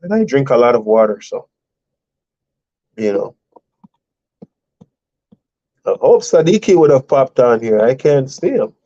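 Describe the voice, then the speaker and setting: Male stream host, easygoing storyteller, mellow tone, lo-fi audio. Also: mid-range voice, sing-song, normal speed. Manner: chatty, laughs often, rambling storytelling. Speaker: truck driver and live stream host. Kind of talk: casual live stream chat.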